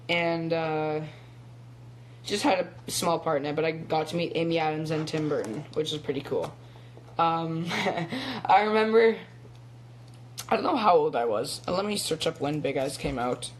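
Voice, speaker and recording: A teenage boy, a young actor, live-streams from his phone and chats casually, rambling with plenty of ums and little laughs. His male voice is fairly high-pitched, with slight background noise.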